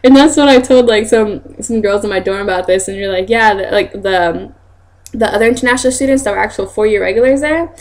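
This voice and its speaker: A young woman telling stories in a casual vlog, chatty and quick to laugh, acting out other people's lines in a higher voice. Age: young adult. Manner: chatty, laughs often, acts out quotes in high voices. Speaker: vlogger.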